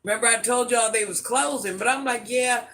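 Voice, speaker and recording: A man's voice: extremely high pitch, brisk, vocal fry, pushed and bright. A man with a mixed country accent chatting playfully on a live stream, answering viewers' comments. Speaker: livestream host reading chat. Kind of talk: casual live-stream chat.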